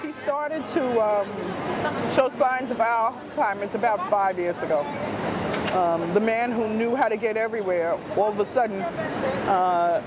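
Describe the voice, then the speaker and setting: A middle-aged man speaking in a reflective, halting way about grief. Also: high voice, heavy background noise.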